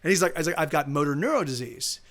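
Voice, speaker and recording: A man's voice: on the high side, animated, fast, fairly bright tone. A man from the United States telling a story casually on a live stream, rambling with many restarts and fillers. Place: home streaming setup.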